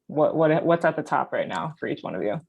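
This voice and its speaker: A woman's voice: sits low, sing-song, brisk, gravelly, background noise. A woman moderating a panel discussion, upbeat and bubbly, over a video call. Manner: upbeat, bubbly, easy laugh.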